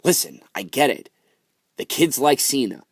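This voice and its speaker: On his vlog, a young man vents about wrestling, frustrated and loose, peppering his speech with fillers and false starts. His medium-pitched voice is sing-song and slightly rough at a moderate pace, recorded dry in studio quality.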